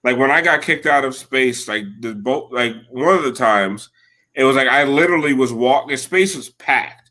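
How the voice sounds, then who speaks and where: A man's voice: mid-range voice, animated, normal speed, sharp tone. A man in his thirties chatting casually, rambling through stories with lots of filler words and swearing. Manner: rambling storyteller, heavy filler "like", profane. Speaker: podcast co-host. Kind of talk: casual chat.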